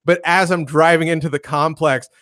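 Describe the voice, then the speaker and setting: A man chatting on a podcast, slightly higher voiced than most men. He tells stories in a loose, anecdotal way with easy laughs. His voice sits close and dry, with no room around it. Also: steady tone, moderate pace, a bit bright, no room sound. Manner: chatty storyteller, laughs while telling anecdotes. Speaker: podcast co-host, locksmith. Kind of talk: casual chat.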